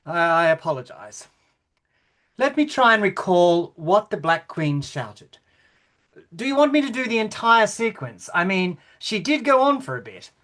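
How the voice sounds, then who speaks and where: A man's voice: high-pitched, very animated, a little slow, fairly bright tone, exaggerated voice. A man playing a fragile, fussy older king in a rehearsal over a video call, hesitant and apologetic with little stammers. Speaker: actor in rehearsal.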